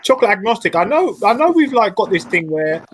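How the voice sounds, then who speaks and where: Brief: joking, rambling male caller, slightly high voice, noisy line. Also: big pitch swings, brisk. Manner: joking, rambling, restarts words. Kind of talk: casual live chat. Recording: noisy call audio.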